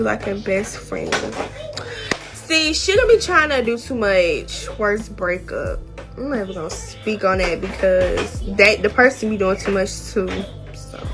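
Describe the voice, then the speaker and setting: A teenage girl chatting candidly to viewers in a casual vlog, using slang like y'all and finna. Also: fairly high pitch. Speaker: vlogger. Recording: music playing behind the voice.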